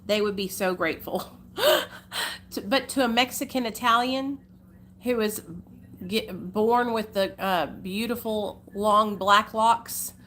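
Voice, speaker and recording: A woman's voice: mid-range voice, slow pace, a bit bright, a little hiss or hum. Chatty Arkansas country woman. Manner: chatty, folksy, calls viewers honey and y'all. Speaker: livestream host. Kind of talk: casual livestream chat with viewers.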